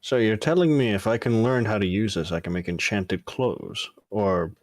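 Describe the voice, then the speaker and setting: A man's voice: lowish voice, normal speed, dry recording, clean studio sound. A man in a tabletop game talking in character, casual and curious, asking questions. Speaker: player. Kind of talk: in-character tabletop role-play.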